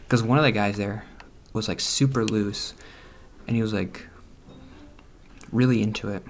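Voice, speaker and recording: A man's voice: on the low side, fairly even intonation, measured pace, pauses often, slight background noise. A young man chatting casually at home, rambling and self-conscious, often breaking into nervous laughs. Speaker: gaming vlogger. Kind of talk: casual chat over gameplay. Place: room at home.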